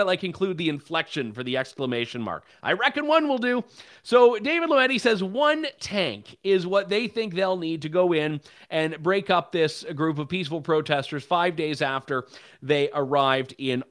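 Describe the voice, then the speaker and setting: Male pundit, high lively voice, sarcastic and animated delivery. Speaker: political commentator. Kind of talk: opinion commentary.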